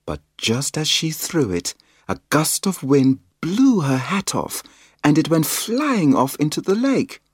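A man reading a children's picture book aloud in a slow, expressive storytelling manner. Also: a little high, husky, no room sound, studio quality. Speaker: storybook reader.

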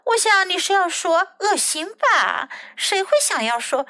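A woman's voice: very high voice, very animated, pushed and bright, no echo, voice pushed up, exaggerated voice. A woman voicing a cranky, hungry little bird in a bilingual children's storybook reading, whiny and demanding. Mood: grumpy. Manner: whiny, drawn-out complaints.

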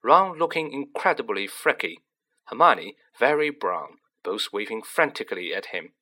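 A man narrating a story with expressive storytelling. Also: mid-range voice, normal speed. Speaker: audiobook narrator. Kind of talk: scripted narration.

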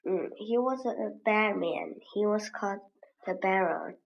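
A woman slowly reading a children's book aloud as a lesson, with pauses and small hums. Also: mid-range voice, vocal fry, lo-fi sound. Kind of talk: slow read-aloud lesson.

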